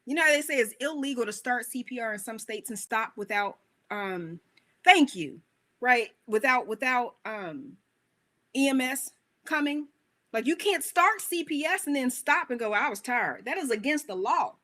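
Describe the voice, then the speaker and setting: A woman coach giving an animated, emphatic motivational talk, full of rhetorical questions. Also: high-pitched, moderate pace.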